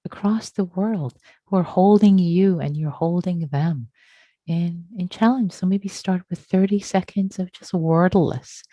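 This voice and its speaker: A woman meditation teacher speaking gently and reassuringly to a group on a video call, slow and sometimes breathy. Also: fairly low pitch, no echo, muffled recording. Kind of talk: gentle dharma talk to a Zoom group. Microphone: computer mic on a video call.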